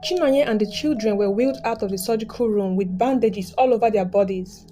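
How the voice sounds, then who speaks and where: A woman narrating a dramatic story in a steady, scripted storytelling style. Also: medium pitch, brisk. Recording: background music.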